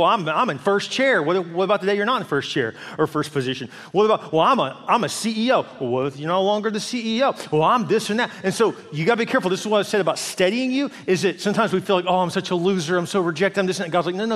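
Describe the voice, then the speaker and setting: A man who is a senior pastor, preaching a sermon in a church with animated delivery, acting out people's inner voices. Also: sits high. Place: large church hall. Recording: long hall reverb.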